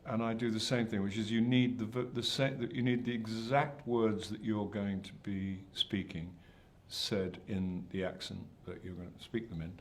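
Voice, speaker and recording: A man's voice: on the low side, fairly even intonation, moderate pace, few pauses, slight background noise. An older man, an actor answering interview questions in a hesitant, self-deprecating way with many restarts. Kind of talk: press junket interview.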